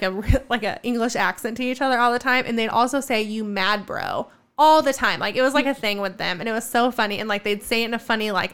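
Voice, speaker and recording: A young woman in her twenties tells a long personal story in casual conversation. Her voice is smooth and clear at a medium pitch. She rambles warmly with plenty of fillers and restarts. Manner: chatty storytelling with many fillers. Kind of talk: casual chat.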